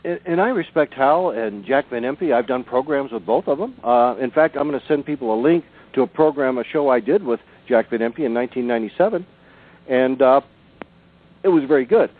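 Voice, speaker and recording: A man's voice: medium pitch, lively intonation, a little fast. Older guy on the phone, earnest and emphatic, telling long stories, tinny line. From Southern California. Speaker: author and researcher guest. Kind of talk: phone-in radio interview.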